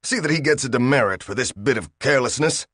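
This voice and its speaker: A man's voice: mid-range voice, expressive, quick pace, a bit bright, breathy edge, no room sound, studio quality, voice pushed up. A man reading a story aloud, voicing a strained, commanding male spaceship captain.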